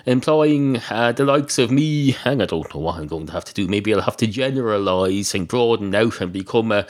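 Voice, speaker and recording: A man doing a rambling improvised comic monologue, deadpan and digressive, with halting restarts. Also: lowish voice.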